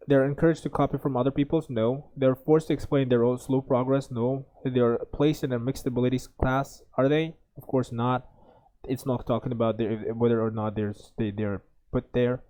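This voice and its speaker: Uzbek-accented male tutor, mellow tone, halting think-aloud delivery. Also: medium pitch. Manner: hesitant, many fillers and restarts. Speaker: IELTS tutor. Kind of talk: think-aloud exam lesson.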